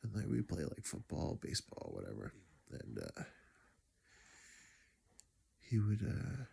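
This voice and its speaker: A man's voice: on the low side, huge pitch swings, measured pace, gravelly, mellow. A grieving man telling a personal story in a reflective, rambling way, sighing and dropping to near-whispers. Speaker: vlogger.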